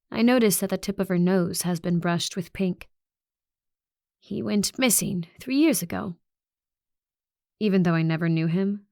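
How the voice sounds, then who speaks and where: A woman with a lowish voice narrating a young adult horror audiobook in the first person. Her telling is even and reflective, steady from line to line. The recording is dry and close, with no room around her. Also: no echo.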